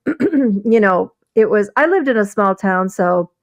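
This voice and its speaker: A woman's voice: mid-range voice, lively intonation, slow pace, no room sound. A middle-aged woman from the American Midwest, telling rambling stories with laughs and restarts as co-host of a casual stream. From Wisconsin. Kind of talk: casual storytelling chat.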